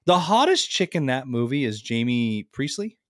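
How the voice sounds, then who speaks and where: A man in his thirties co-hosting a podcast, telling stories in a crude, joking, animated way. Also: mid-range voice, normal speed, no echo, studio quality. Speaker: podcast co-host. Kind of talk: casual podcast chat.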